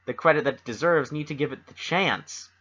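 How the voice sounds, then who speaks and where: A man's voice: on the high side, a little fast, pushed and bright. A young man from Canada co-hosting a casual podcast, chatty and opinionated with lots of fillers. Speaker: podcast co-host. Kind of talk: casual chat. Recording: dull lo-fi home recording.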